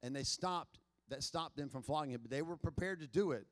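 Animated man preaching a sermon. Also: a little high, a little fast. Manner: animated preaching, shifting from loud emphasis to soft asides. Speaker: pastor.

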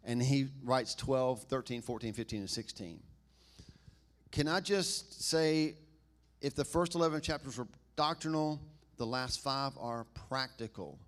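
A man with a Southern accent, a pastor giving a casual, humorous sermon that swings between loud emphasis and quiet asides. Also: medium pitch, unhurried. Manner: conversational and humorous, laughs and asks "right?".

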